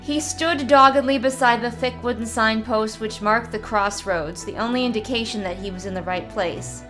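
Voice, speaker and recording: A woman reading a fantasy short story aloud in a steady, measured narrating voice. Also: a little high, faint music behind. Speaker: story reader.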